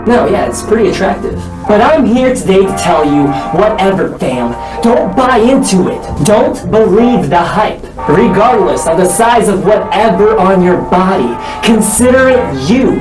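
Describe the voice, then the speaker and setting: A man's voice: sits high, expressive, a little slow. A young man vlogging straight to his viewers in a playful, self-teasing, joking way. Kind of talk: casual vlog talking to viewers. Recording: echoey room, mic at a distance, music behind.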